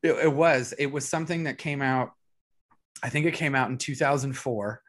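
A man's voice: mid-range voice, normal speed. A man in his thirties co-hosting a casual podcast, easygoing and trailing off mid-sentence. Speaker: podcast co-host. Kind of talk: casual chat.

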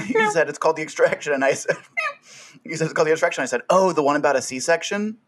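A man's voice: a little high, fast, fairly bright tone. A man co-hosting a casual podcast, joking and giggly. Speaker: podcast co-host.

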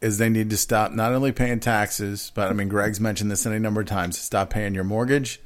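A man's voice: lowish voice, fairly even intonation, a little fast. A man in a political talk chat, speaking bluntly and profanely in agreement.

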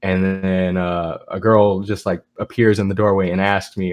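A man's voice: low-pitched, flat delivery, moderate pace, few pauses, darkish tone. A young man co-hosting a podcast, telling a story in a laid-back, amused, rambling way. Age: young adult. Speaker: podcast co-host. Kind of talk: casual storytelling.

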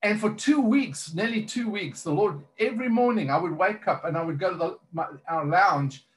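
A man's voice: high-pitched, moderate pace. A man who is a minister, earnestly telling a personal testimony in conversation, rambling with many fillers and restarts.

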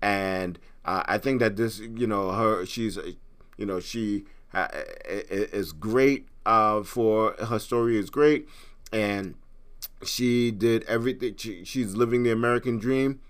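A man's voice: on the low side, slow pace, a bit bright, smooth. A middle-aged man from Trinidad hosting a podcast in casual, rambling chat, with frequent restarts. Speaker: podcast host.

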